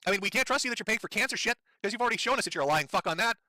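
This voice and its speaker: A man with a high, sharp, cutting voice, ranting fast and furiously on a live stream. His delivery is profane and sarcastic, swinging wildly up and down in pitch, and his throat sounds strained from yelling. The sound is dry and close. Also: animated, dry recording.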